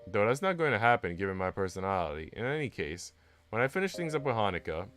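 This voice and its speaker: A man streaming, reading a visual novel aloud in an animated way with asides. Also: lowish voice, fast. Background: faint game music.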